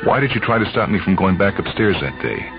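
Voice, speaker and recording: A man's voice: sits low, lively intonation, fast, dull audio, music in the background, pitched above the performer's own voice. A man reading a story, voicing a tense, suspicious man confined in an asylum. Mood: agitated.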